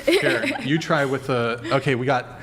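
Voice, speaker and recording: A man's voice: mid-range voice, moderate pace, a crowd in the background. A man hosting a casual livestream, talking in a brash, profane, bossy way as he directs his guests. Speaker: livestream host.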